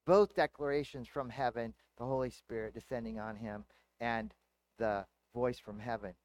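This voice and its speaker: A pastor preaching a sermon in an easy, conversational teaching manner, asking the congregation rhetorical questions. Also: male voice, medium pitch, normal speed.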